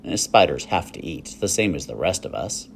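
Eager young girl, excited, singsong, storybook figure, read by a man. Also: low-pitched, normal speed, creaky, slight background noise, full character voice. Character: imaginative young farm girl.

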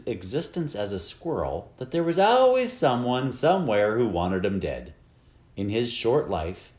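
A man reading a children's novel aloud with expressive, wide-ranging storytelling. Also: medium pitch, roomy sound. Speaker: audiobook narrator. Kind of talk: scripted narration.

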